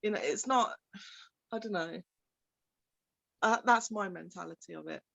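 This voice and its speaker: A young woman from England with a Birmingham accent speaks in a medium-pitched, unhurried voice that's gravelly and a bit bright, recorded dry. She's a parent guest in an interview, chatting casually, laughing often and acting out what other people said.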